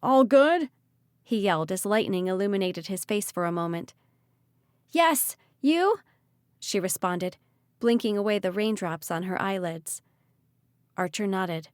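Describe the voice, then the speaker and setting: A woman's voice: medium pitch, no echo. Woman narrating an audiobook, dry and close. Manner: expressive, vivid reading.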